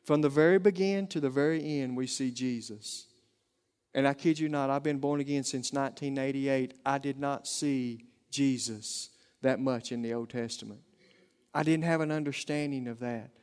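A man's voice: mid-range voice, moderate pace, darkish tone, clear, resonant tone. A middle-aged man with an Oklahoma Southern accent, preaching a folksy, conversational sermon to a congregation.

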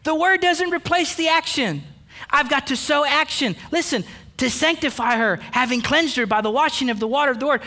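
High, bright-voiced preaching pastor. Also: male voice. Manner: emphatic, preachy, addresses men directly, playful asides. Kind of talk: sermon. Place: church sanctuary.

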